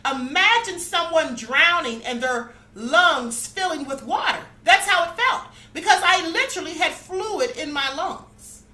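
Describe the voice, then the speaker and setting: A woman's voice: extremely high pitch, animated, measured pace, few pauses, bright, forceful tone. A woman hosting a spirituality channel, earnestly telling her own story to viewers and often checking in with them. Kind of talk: personal spiritual testimony to viewers. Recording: echoey room.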